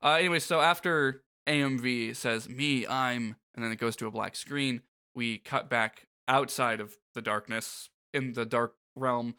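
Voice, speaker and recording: A man's voice: medium pitch, normal speed, hardly any pauses, bright, forceful tone, smooth. A man co-hosting a podcast, recapping a video game in casual, joking chat with frequent swearing and laughter. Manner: joking, profane, laughs often. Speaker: podcast co-host.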